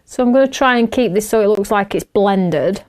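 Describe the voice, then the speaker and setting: A woman's voice: medium pitch, normal speed, darkish tone. A middle-aged woman, chatting and laughing as she hosts a craft show while she works. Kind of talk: casual chat while crafting.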